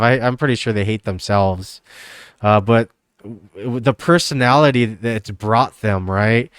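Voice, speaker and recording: Smooth-voiced streamer dude, rambling. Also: male voice, mid-range voice, dry recording, studio quality. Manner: rambling, profane, says "dude" constantly. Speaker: livestreamer. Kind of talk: casual livestream chat.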